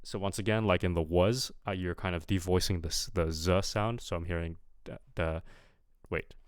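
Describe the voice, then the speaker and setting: A man giving casual feedback as a coach, halting with many fillers and repeating sounds aloud. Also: low-pitched, steady tone, smooth, dry recording, studio quality. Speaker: accent coach.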